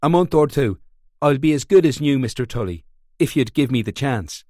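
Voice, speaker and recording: A man's voice: medium pitch, expressive, moderate pace, a little mellow, no room sound, studio quality, close to an everyday voice. A man voicing a desperate, cold young Northern Irish gunman who stays polite and defiant. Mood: pleading, defiant.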